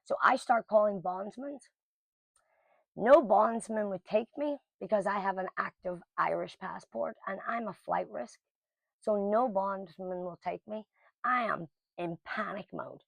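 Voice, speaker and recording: A woman's voice: medium pitch, unhurried, vocal fry, no echo. A middle-aged woman telling a personal story to camera in a casual, blunt and emotional way. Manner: emotional, blunt, lively quoting of others.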